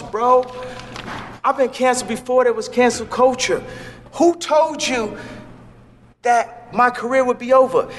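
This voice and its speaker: Impassioned high-voiced man. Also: fairly bright tone, in a large hall, slight background noise. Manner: preachy, impassioned, rambling. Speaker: interview guest. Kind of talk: animated interview talk.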